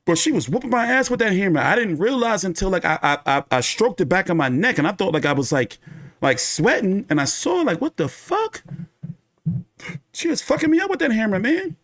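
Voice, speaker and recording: A man riffs through a rambling, profane story on his boxing commentary show. His voice sits a bit high and leaps up and down with a lot of energy. His talk is casual and loose. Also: very animated, a little fast, fairly bright tone.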